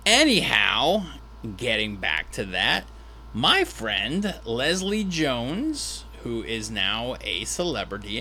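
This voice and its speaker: A man's voice: mid-range voice, bright, forceful tone, slight background noise. A man who is a stand-up comedian, telling a rambling, self-deprecating story with restarts and asides. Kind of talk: storytelling monologue.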